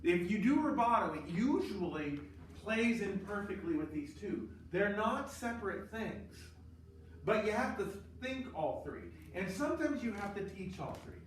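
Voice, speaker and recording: A male teacher lectures a class in an emphatic, animated way, throwing in sarcastic asides. His voice sits a little high, and it reaches the mic from a distance in a reverberant room with faint background noise. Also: normal speed. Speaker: choral conducting teacher.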